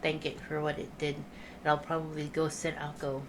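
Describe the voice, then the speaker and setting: Low-voiced woman playing a tabletop game. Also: monotone, fairly quick, noisy background. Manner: easygoing, thinks aloud. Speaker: player. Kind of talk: casual tabletop play.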